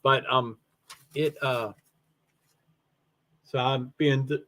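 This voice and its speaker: A man's voice: medium pitch, steady tone, very slow, sharp tone, a little hiss or hum. A very tired man, yawning, chatting in a rambling way with many fillers while running a solo livestream about racing. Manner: rambling, self-interrupting with fillers. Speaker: live streamer.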